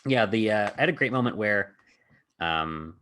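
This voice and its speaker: A man's voice: fairly low pitch, animated, normal speed, fairly bright tone, slight background noise. A man hosting a podcast, casually recounting a tabletop game session he ran, rambling with many filler words. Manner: rambling, heavy on filler words, laughs often. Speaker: podcast host and game master.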